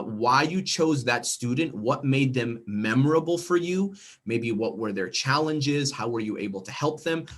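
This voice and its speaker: Husky-voiced man leading a teacher workshop. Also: medium pitch, a bit bright. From United States. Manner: conversational, frequent check-ins with "okay?" and "right?". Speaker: teacher trainer. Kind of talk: professional development workshop presentation.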